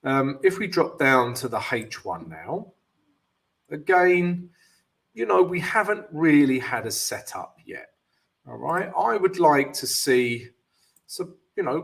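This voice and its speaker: A male host walks through market charts live and takes questions from chat in a loose, chatty way. He talks slowly, but his pitch jumps around a lot, and he keeps checking in with "guys" and "yeah." It sounds unscripted, like thinking out loud on a stream. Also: creaky. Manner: casual, addresses viewers as guys, many fillers. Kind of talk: live chart analysis with viewer Q&A.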